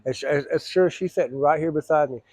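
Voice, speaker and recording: A middle-aged man telling a personal story, blunt and profane, rambling with frequent throat clearing. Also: a little high, fast talker, a little mellow, no room sound.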